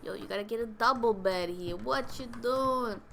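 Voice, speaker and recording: Playful, gravelly-voiced woman gaming. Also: fairly high pitch, normal speed, fairly bright tone, slight background noise. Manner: playful, slangy, joking. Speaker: gamer playing with a friend. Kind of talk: casual gaming chat.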